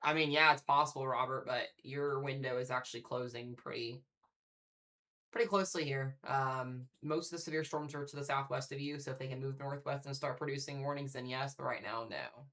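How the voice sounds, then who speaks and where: A man's voice: mid-range voice, fairly even intonation, fairly quick, bright, forceful tone. A man hosting a live severe weather stream, chatting casually with viewers while he reads out warnings. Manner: casual, chatty, talks straight to viewers in the chat. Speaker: livestream weather host.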